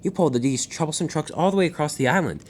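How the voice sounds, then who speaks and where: A man's voice: fairly high pitch, fast, natural voice. A man voicing a friendly, supportive engine in a storybook tale, speaking in an encouraging way.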